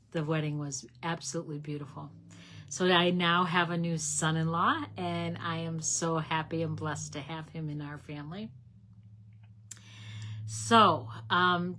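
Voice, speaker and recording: Middle-aged lady chatting through a card making live stream, lowish voice, rambly, says hi to folks by name. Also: fairly bright tone. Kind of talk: casual live craft demonstration.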